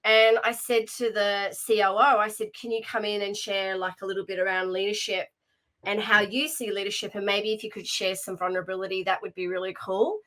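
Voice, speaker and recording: Bright-voiced woman telling stories. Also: mid-range voice, flat delivery, brisk, low-quality recording. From Australia. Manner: chatty storytelling with many fillers and restarts. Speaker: guest, leadership coach. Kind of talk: casual interview conversation.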